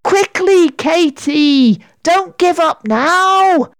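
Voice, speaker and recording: A woman's voice: extremely slow, full character voice. A woman doing a bossy, urgent young girl. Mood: shouting urgently. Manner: urgent, bossy, high and excited. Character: bold quick-thinking young girl.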